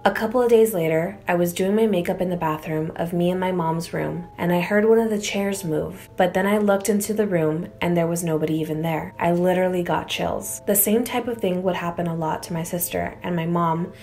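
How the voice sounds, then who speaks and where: A woman's voice: fairly low pitch, a little mellow. A young woman on her own channel, reading viewers' scary stories aloud in a chatty, filler-heavy way and getting easily spooked. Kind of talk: casual storytelling read-aloud.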